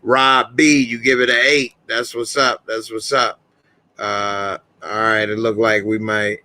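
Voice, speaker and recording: A man's voice: lowish voice, measured pace, sharp tone, dry recording. A man hosting a live reaction stream, casually reading out viewer comments and ratings in a laid-back, chatty way.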